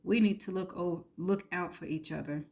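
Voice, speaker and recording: A woman reading as a gentle worried husband. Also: on the low side, steady tone, moderate pace, gravelly. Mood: caring.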